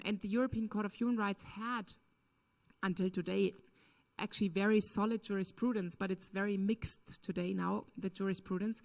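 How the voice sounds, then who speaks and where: A woman's voice: mid-range voice, creaky, a little mellow. A woman speaks at a conference with a mid-range voice. She answers a question earnestly and emphatically. Her talk is full of "um" and "you know". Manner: earnest, emphatic, frequent fillers. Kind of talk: lecture Q&A answer.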